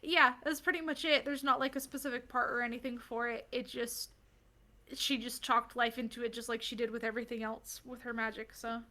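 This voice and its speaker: A woman's voice: on the high side, fairly even intonation, brisk, sharp tone. A woman co-hosting a book-cast, chatting casually about the book with lots of fillers. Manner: chatty, lots of "like", laughs easily.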